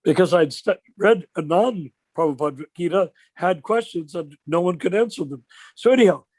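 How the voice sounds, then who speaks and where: Animated older man, high dry voice. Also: moderate pace, no echo. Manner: animated storyteller, rhetorical questions. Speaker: discussion leader. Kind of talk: informal religious discussion on a video call. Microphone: video call.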